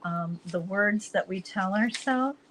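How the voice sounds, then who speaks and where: Woman co-host, affirming and steady. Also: medium pitch, takes it slowly, slight background noise, poor audio. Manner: affirming, reads viewer comments. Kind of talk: casual conversation.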